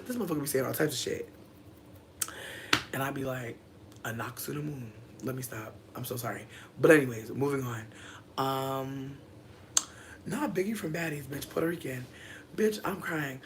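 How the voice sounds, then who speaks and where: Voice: mid-range voice, vocal fry, a little hiss or hum. Young adult streamer telling a profane story. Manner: loose, profane storytelling full of fillers; animated, jumps between story and viewer comments. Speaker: content creator. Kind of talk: casual livestream chat.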